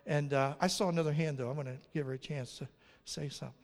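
Man, pastor, sermon, acts out dialogue, gravelly, slightly high voice, long hall reverb. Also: steady tone, quick pace. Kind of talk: sermon with storytelling.

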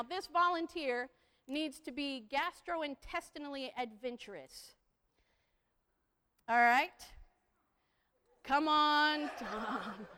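Woman speaker, high voice, slow unhurried delivery, playful and crowd-leading, live hall with long reverb. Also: a bit bright. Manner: playful, leads the crowd in repeating phrases. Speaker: speaker giving a talk to an audience. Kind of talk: lively presentation with audience participation.

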